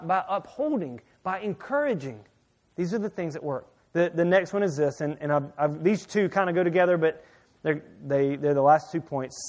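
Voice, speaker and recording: A middle-aged man preaching a sermon, telling a personal story with many repeated words, swinging between loud emphasis and near-hushed asides. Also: a little high. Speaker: pastor.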